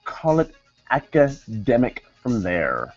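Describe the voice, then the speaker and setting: A man's voice: mid-range voice, huge pitch swings, takes it slowly. A young man casually reviewing a wrestling show, rambling with many fillers and self-corrections. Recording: dull lo-fi sound, faint music behind.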